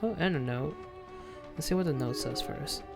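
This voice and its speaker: A game streamer doing live gameplay commentary, reading the on-screen text aloud and thinking out loud. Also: mid-range voice, expressive, moderate pace, creaky, music in the background.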